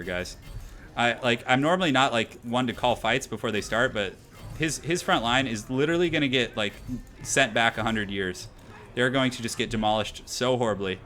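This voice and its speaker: Fast-talking excitable young male streamer. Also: mid-range voice. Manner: excitable, slangy, talks to chat. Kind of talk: live gameplay commentary.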